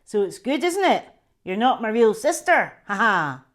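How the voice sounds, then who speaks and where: A woman's voice: mid-range voice, normal speed, natural voice. A mocking older brother, voiced by a woman, taunts in a raised, gleeful voice. Each line lands as a jeer. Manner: loud, taunting.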